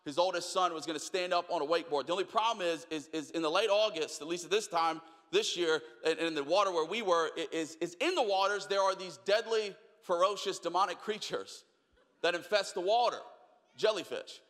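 A young man preaching a sermon, telling a story with acted-out voices, then dropping to quiet questions. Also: high-pitched, a little fast. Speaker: pastor. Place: large church hall. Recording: long hall reverb.

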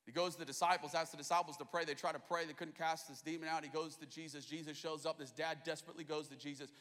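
An Australian man in his thirties with an American accent preaches an impassioned, rhythmic sermon as a pastor in a large church, the audio echoing through the big hall. His voice is fairly high, fast, a bit bright, and fairly even in intonation.

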